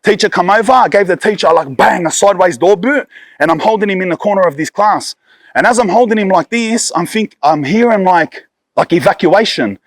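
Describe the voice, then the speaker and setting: A man's voice: sits high, expressive, a little fast, dry recording. Brief: Australian man, 30s, raised voice, dry close sound, blunt sweary street talk. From Sydney, Australia. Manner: blunt, heavy swearing, street slang, lots of "bro". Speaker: storyteller guest. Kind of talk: casual storytelling.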